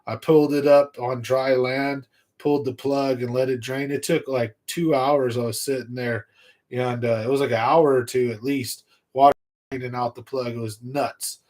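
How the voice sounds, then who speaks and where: A man's voice: mid-range voice, normal speed. A young man hosting a fishing livestream, telling a story in a casual, slangy way and acting out his own thoughts. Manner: animated storyteller, slangy, acts out his own inner voice loudly. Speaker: fishing channel host. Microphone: livestream computer mic.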